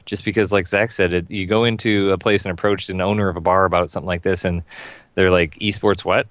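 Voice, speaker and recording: A man from Michigan speaking as a guest in a casual chat, measured and thoughtful. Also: deep voice, level tone, fairly bright tone, no room sound. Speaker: guest commentator. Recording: dull, dry sound.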